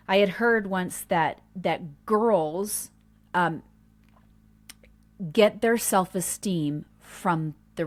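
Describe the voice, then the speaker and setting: A woman in her forties leads a parenting workshop in an earnest, heartfelt way. Her voice sits on the low side for a woman. She often acts out short family stories and quotes as she goes. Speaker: homeschool workshop host.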